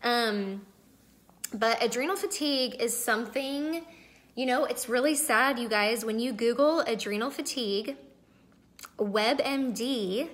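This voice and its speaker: A woman's voice: medium pitch, a bit bright. A woman in her thirties hosting a casual live video, chatting to viewers, greeting them by name and sounding emotional and close to tears. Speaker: wellness livestream host.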